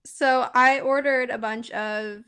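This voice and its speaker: A woman's voice: a little high, fairly even intonation, slow, sharp tone, clean tone. A young woman co-hosting a podcast, telling a story in casual chat and laughing through it. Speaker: podcast co-host.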